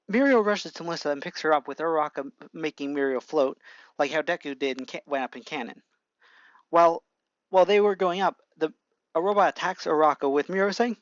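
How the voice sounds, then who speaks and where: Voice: medium pitch, a little fast. An amateur narrator reads their own fan fiction in a rambling way, restarting sentences often. The sound is dull and lo-fi from a home mic. The room is dry, with no echo. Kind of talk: casual fan-fiction reading.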